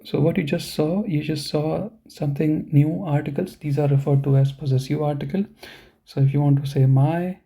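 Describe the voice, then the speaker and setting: A male language teacher explains sentence structure in an online lesson, checking in with "okay" and "you know". His voice is gravelly and dark, set slightly high for a man. He talks into a computer microphone. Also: fairly even intonation, moderate pace. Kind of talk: online class lecture.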